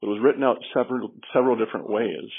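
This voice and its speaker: A man's voice: mid-range voice, fairly even intonation, rapid-fire, husky. A middle-aged man, a safety trainer, explaining earnestly in a podcast interview, with fillers and restarts. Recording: tinny phone line.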